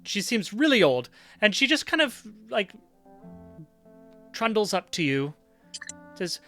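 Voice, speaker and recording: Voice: medium pitch, sing-song, measured pace, pushed and bright, faint music behind. A game master narrating a tabletop game with playful, descriptive storytelling.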